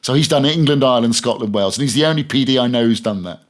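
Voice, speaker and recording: A man's voice: mid-range voice, racing. A middle-aged man, a radio presenter, chatting as a podcast guest and telling stories with lots of restarts. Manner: rambling storyteller, many restarts. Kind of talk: casual interview chat.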